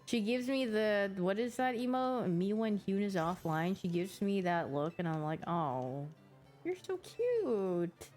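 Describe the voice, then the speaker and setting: A woman's voice: medium pitch, a little slow, few pauses, darkish tone, faint music behind. A woman streamer chatting casually and giggling, acting out her pet's reactions as she talks. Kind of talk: casual chat.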